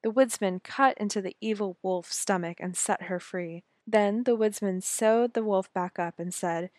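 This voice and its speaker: A woman narrating a fairy tale in a gentle, measured reading voice. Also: mid-range voice, fairly even intonation, no echo, clean studio sound. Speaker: storyteller. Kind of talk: scripted storybook narration.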